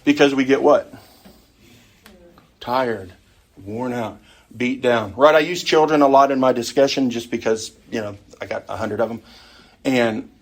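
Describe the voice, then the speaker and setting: A middle-aged man teaching an adult Sunday school class in a conversational way, often putting questions to the group. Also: mid-range voice.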